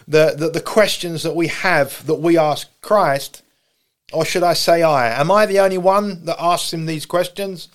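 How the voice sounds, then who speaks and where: A man's voice: on the high side, measured pace. A man pastor preaching a sermon, building through repeated questions and refrains. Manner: preaching with repetitive rising questions.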